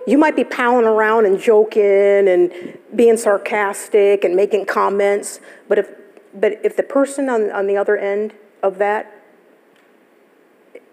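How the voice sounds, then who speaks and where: Woman pastor, sermon, gravelly voice, storytelling, long church reverb. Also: medium pitch, darkish tone. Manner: storytelling, conversational, laughs often. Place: church sanctuary. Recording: live church service, long hall reverb.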